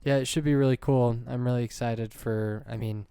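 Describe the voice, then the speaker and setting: A man's voice: medium pitch, steady tone, brisk, mellow, clear, resonant tone, dry recording, studio quality. A man co-hosting a casual pop culture podcast, asking short questions and reacting easily. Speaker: podcast co-host.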